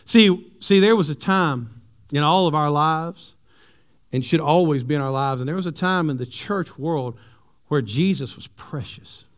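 A male pastor, preaching a sermon with animated, humorous stories for his congregation. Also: on the high side, a little slow. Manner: animated storytelling, jokes with the congregation.

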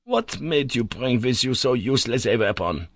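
A man's voice: medium pitch, animated, normal speed, a bit bright, no room sound, clean studio sound. A man voicing a stern, learned older professor who lectures in a cold, decided tone.

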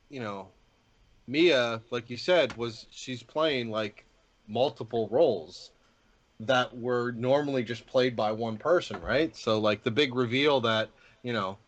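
A man's voice: mid-range voice, a bit bright. A man co-hosting a casual movie review podcast, rambling through his points with lots of fillers and frequent swearing. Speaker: podcast co-host.

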